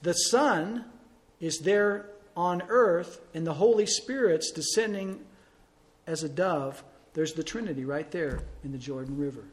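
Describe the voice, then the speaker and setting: A man's voice: on the high side, a little slow. Man preaching with rising, falling emphasis. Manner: conversational preaching with rhetorical questions, swinging loud and soft. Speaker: pastor. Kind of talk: sermon.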